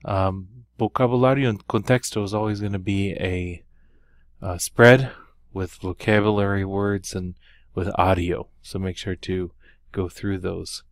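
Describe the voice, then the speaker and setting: A man with a deep, steady voice teaches a Spanish lesson in a recorded walkthrough, speaking a little slowly. He moves through the material unhurriedly, with many ums and uhs, carefully sounding out example words. The studio sound is clean with no echo.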